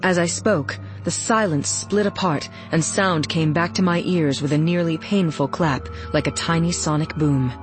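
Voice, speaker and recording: A woman reading a first-person novel aloud in a steady, even storytelling voice. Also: sits low, normal speed, few pauses, soft background music. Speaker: audiobook narrator.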